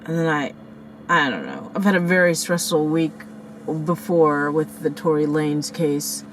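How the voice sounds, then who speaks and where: A woman's voice: low voice, moderate pace, slight background noise, poor audio. Profane, shaken woman vlogging by the beach. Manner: profane, animated, rants and acts out quotes. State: shaken, in shock. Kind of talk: casual storytelling vlog. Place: outdoors near a parking lot by the beach.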